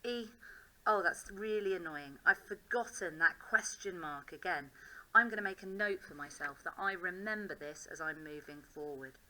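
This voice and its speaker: A woman's voice: fairly low pitch, normal speed, bright, forceful tone, low-quality recording. An English woman teacher thinking aloud as she writes, upbeat and encouraging in a classroom demonstration.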